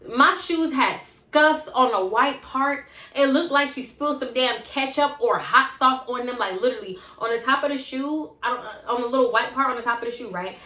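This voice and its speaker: A young woman telling a casual storytime vlog in an animated, blunt and profane way. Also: high-pitched, moderate pace. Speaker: storytime vlogger. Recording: roomy echo.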